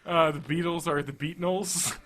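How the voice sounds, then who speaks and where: A man's voice: a little high, expressive, normal speed, pushed and bright. A man in his thirties co-hosting a casual podcast, rambling, laughing often and swearing freely. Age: 30s. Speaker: podcast co-host.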